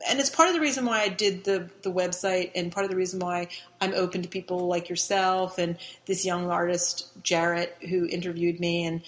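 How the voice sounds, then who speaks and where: A middle-aged woman, a guest in an interview, telling a long story casually, rambling with restarts and fillers, sometimes laughing as she talks. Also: mid-range voice.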